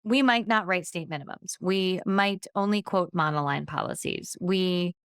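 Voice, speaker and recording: A woman's voice: on the low side, moderate pace, a bit bright, smooth, no echo, studio quality. A woman hosting a podcast on customer-service training, talking in an upbeat, chatty way. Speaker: insurance agency trainer and podcast host.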